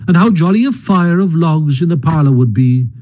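A man reading a storybook aloud in a slow, measured, expressive way. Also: a little high, low-quality recording. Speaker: narrator. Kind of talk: storybook narration.

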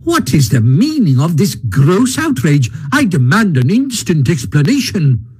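Brief: a man putting on a blustering, indignant storybook toad, higher and husky. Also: big pitch swings, a little slow, darkish tone, full character voice. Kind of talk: audiobook character reading.

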